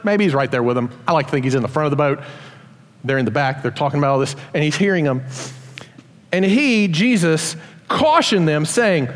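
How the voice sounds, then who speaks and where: Man, preacher, sermon, high voice, animated storytelling, reverberant hall. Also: fairly quick. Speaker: pastor.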